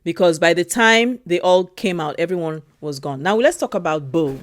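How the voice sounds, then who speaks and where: A woman talking casually and emotionally about a film she loves, slowly repeating her phrases. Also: fairly low pitch, lively intonation, no room sound. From Europe. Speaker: film review vlogger. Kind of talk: casual film review vlog.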